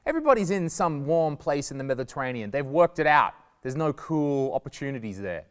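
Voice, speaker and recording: Animated Australian man in a reverberant hall. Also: fairly high pitch, brisk, smooth. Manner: animated, jokey, acts out quoted voices. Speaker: comedian giving a guest lesson. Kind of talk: lively stand-up style talk to students.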